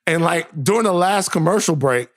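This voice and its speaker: A man's voice: sits high, lively intonation, a little fast, a bit bright. A man co-hosting a podcast, telling a playful story and acting out quoted lines. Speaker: podcast co-host. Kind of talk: podcast conversation.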